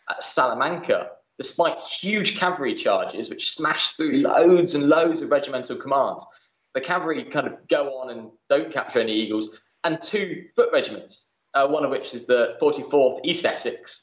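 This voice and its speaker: A male museum manager chatting as a podcast guest, often pausing on "uh" as he talks. The recording is roomy and a little dull, with a hint of reverb. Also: mid-range voice. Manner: chatty, lots of "uh" fillers. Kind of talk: casual interview chat.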